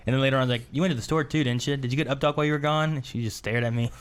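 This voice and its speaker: Fast-talking man telling a story. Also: medium pitch, fairly even intonation, clean tone. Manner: storytelling, quotes others in raised voice. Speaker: podcast co-host. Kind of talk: casual chat.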